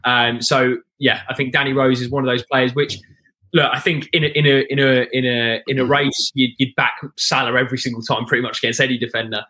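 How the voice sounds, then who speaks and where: A man holds forth as a guest in a casual podcast chat, long-winded and restarting his sentences often. His voice sits at an ordinary middle pitch. He clears his throat now and then while he talks. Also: flat delivery, fairly quick, sharp tone. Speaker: guest football fan.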